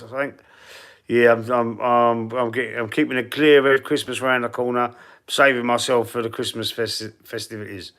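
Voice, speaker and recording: A man's voice: medium pitch, fairly bright tone, clear, resonant tone. A man from London with a London accent, chatting casually on a live stream as a football fan, rambling, laughing often and swearing now and then. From London, England. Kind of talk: casual live-stream chat reading comments.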